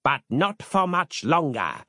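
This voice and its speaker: A man's voice: on the high side, very animated, takes it slowly, pushed and bright, dry recording, studio quality, heavily acted. A man voicing a ruthless, commanding warrior leader who bellows archaic orders in a strained, raised voice.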